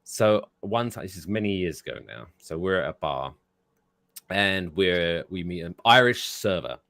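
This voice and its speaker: A man's voice: low-pitched, expressive, a little slow, vocal fry, a bit bright. A middle-aged man from Britain, co-hosting a podcast in casual chat and telling stories at length. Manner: chatty storyteller, explaining at length. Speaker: podcast co-host.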